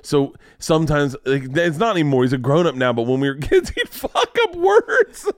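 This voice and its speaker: A man's voice: mid-range voice, fairly quick, clean tone, no room sound, studio quality. A man hosting a podcast, telling rambling, profane stories in casual chat. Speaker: podcast host.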